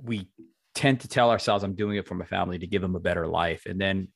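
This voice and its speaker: Earnest low-voiced podcast host. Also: male voice, quick pace, creaky, dry recording, studio quality. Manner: earnest, exhorting, restarts. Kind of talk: reflective podcast talk to listeners.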